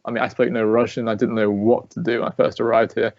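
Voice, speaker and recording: A man's voice: fairly low pitch, level tone, quick pace, darkish tone, no room sound, muffled recording. A man in his thirties from England, a ballet dancer answering interview questions in a chatty, storytelling way with frequent restarts. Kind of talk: remote interview conversation.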